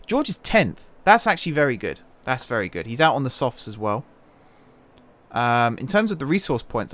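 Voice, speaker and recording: A man hosts a gaming channel, chatting and joking to himself as he commentates a racing game. His voice is mid-range with a fairly bright tone, and game music and engine sounds fill the background.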